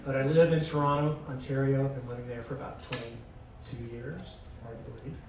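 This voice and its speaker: A friendly man with a Southern US accent introduces himself on a live panel. He is picked up from a distance in a very echoey venue. Clear room ambience runs beneath. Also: mid-range voice, fairly even intonation, brisk. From Charlotte, North Carolina. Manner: friendly, self-deprecating. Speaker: casting director, panelist. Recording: echoey hall from far off, ambient noise.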